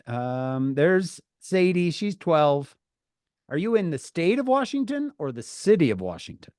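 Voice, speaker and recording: Playful man with lively swings in pitch. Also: clear, resonant tone, no room sound, clean studio sound. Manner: playful, teasing, lively greetings. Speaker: host of a video-call youth class. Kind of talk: casual chat on a video call.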